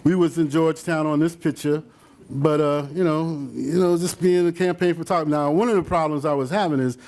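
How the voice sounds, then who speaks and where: A man's voice: on the high side, fairly even intonation, fairly quick, a little mellow. An older man, a photographer, rambling through stories about his photos for a live audience, with many fillers and asides. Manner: acts out quotes in other voices. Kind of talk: casual slideshow talk to an audience.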